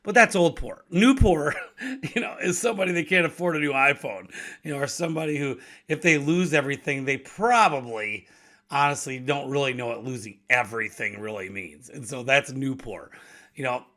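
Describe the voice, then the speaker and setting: A man's voice: mid-range voice, normal speed, bright, forceful tone. A man in his fifties from Wisconsin, hosting a casual solo talk about business risk, conversational and given to restarting his words. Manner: conversational, repeats and restarts words, laughs between thoughts. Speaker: podcast host and business owner.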